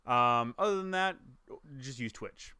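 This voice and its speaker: A man's voice: medium pitch, expressive, measured pace, sharp tone, smooth, no room sound, studio quality. A man, a gaming YouTuber, chatting casually to camera about his year, rambling with restarts and chuckles.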